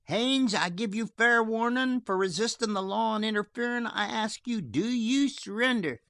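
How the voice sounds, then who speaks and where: A man voicing a shrill, eager frontier sheriff who shouts his challenges across the mountains. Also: normal speed, no echo. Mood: shouting challenge. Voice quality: shrill, carrying calls. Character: shrill-voiced methodical sheriff, eager and hungry.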